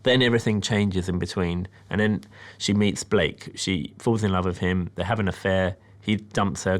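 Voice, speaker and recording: A man from Britain, a film director, calmly explaining how he made his documentary in a reflective, measured way. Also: fairly low pitch. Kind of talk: interview about his documentary.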